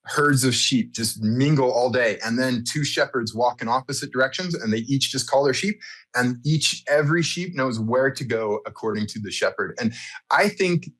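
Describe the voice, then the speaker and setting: A man's voice: mid-range voice, normal speed, fairly bright tone. Reflective man, guest on a podcast. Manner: reflective, thoughtful, speaks in long explanations. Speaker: church founder, podcast guest. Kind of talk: conversational interview.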